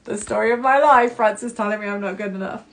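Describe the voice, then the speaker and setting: A woman hosting a personal self-help podcast, candid and expressive. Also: mid-range voice, fast talker. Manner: candid and expressive, swearing casually, acting out her own past reactions. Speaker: podcast host.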